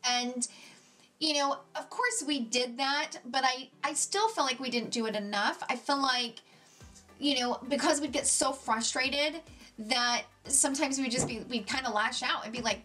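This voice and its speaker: A middle-aged woman talking to camera in a casual vlog, answering her viewers' questions. Her voice sits a little on the high side. She speaks earnestly and from the heart. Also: moderate pace, pushed and bright, soft background music. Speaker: beauty vlogger.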